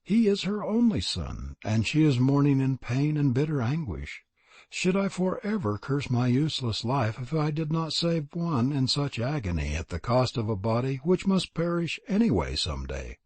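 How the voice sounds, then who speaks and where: A man reading a storybook, voicing a compassionate young fairy prince who speaks gently and earnestly, with a husky voice. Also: medium pitch, huge pitch swings, moderate pace, no echo. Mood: pitying.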